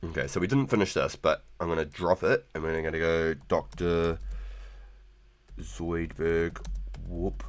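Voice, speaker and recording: A man's voice: deep voice, measured pace, slight background noise. A man live-streaming a game, chatting loosely with viewers, laughing often and swearing freely. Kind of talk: casual live gaming stream chat.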